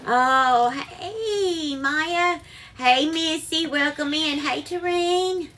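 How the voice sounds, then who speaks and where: Cooking on a live stream, a woman chats away in a high, bright voice with a sharp edge, drawing out her words. She calls her viewers darling and greets each one by name. It sounds like a phone recording in a home kitchen.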